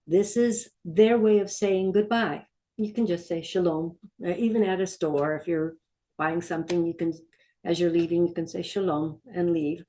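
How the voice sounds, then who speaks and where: A woman's voice: lowish voice, mellow. A woman teaching a beginner Hebrew lesson, patiently repeating each word for learners to say back. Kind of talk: language lesson.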